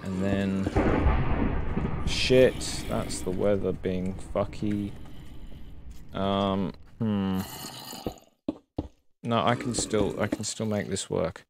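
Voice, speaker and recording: Slow-talking man streaming a game. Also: low voice, steady tone, gravelly. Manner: rambling, self-mocking, swears casually. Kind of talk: casual live-stream commentary. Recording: noisy home stream recording.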